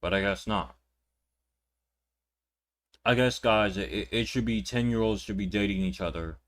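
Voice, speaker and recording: Speaking at a moderate pace in a lowish, slightly bright voice, a young man hosts a reaction video and rants indignantly with plenty of swearing. He often repeats words and restarts his sentences throughout the commentary.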